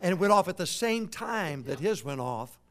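An older man from Michigan preaching a revival sermon, swinging from shouts to quiet folksy storytelling with humorous asides. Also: high-pitched, sing-song, normal speed. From Michigan, USA. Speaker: visiting preacher.

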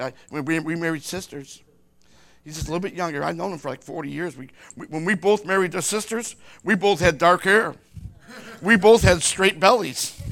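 An older man with a high, gravelly voice that has a sharp, bright edge. He tells a personal story as a grandfather, rambling and halting, often breaking off and starting his sentences again. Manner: rambling, halting speech with frequent restarts.

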